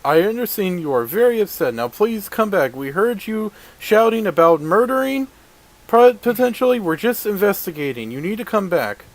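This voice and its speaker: A man's voice: big pitch swings, moderate pace. A man voicing a small male halfling guard who sounds nervous and officious. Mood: pleading. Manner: high, pleading, official tone.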